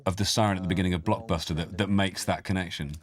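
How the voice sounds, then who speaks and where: A man's voice: deep voice, steady tone, racing. A man giving a film commentary, teasing and joking with his co-host. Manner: teasing, jokey banter. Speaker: actor. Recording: music from the film faint behind.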